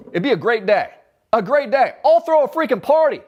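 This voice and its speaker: A fired-up man ranting on his live commentary show, his voice sitting high and leaping all over the place. He talks bluntly and swears without holding back. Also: sing-song, brisk, muffled recording. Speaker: show host.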